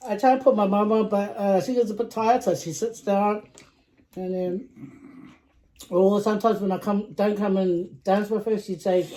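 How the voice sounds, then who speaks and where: Brief: woman vlog host, casual mealtime chat, mellow tone, giggly asides. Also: medium pitch, fairly even intonation, normal speed, slight background noise, poor audio. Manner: chatty and giggly, trails off into soft asides. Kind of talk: casual chat while eating.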